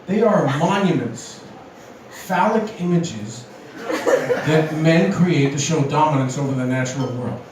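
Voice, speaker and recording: A comic quoting a preachy, overly correct friend. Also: male voice, fairly high pitch, animated, unhurried, a crowd in the background, voice pushed down. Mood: lecturing. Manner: earnest, lecturing. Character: fussy, overly politically correct male friend. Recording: roomy, distant, noisy venue recording.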